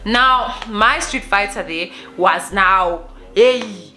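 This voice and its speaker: Brief: young woman, South African accent, crisp bright tone, animated storytime vlogger. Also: medium pitch, drawn-out words, faint music behind. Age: young adult. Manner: animated, mixes in Zulu phrases. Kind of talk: casual storytelling.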